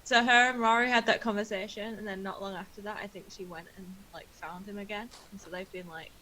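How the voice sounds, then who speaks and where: A woman's voice: mid-range voice, fairly even intonation, fast, sharp tone, rough recording. A woman playing a tabletop game, chatting casually with lots of fillers and giggles. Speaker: player.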